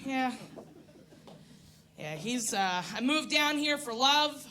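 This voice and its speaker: A woman's voice: sits high, expressive, slow, a little hiss or hum. A woman in her thirties from New York doing a crude, self-mocking stand-up set on a comedy club stage. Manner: brash, crude, self-mocking, loud put-on voices in bits.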